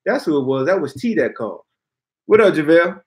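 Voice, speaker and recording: A man with a fairly high voice hosts a sports talk show. He rants bluntly and loosely in casual slang. His delivery is animated. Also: fairly quick. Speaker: podcast host.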